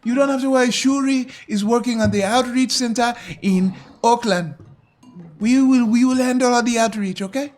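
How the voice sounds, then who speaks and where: Guy doing a stressed-out king scolding his crew, high voice, keeps saying look look look. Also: moderate pace, darkish tone, soft background music. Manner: exasperated, repeats himself.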